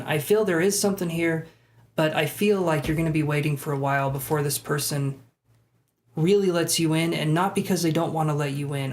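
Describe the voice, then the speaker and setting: A tarot reader giving live-stream readings in a casual, chatty way, with self-deprecating asides. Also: mid-range voice.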